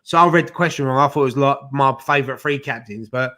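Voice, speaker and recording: A man's voice: mid-range voice, fast talker, sharp tone. A man hosting a fan show in jokey, casual banter, reading out viewer messages. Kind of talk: casual pub-style banter.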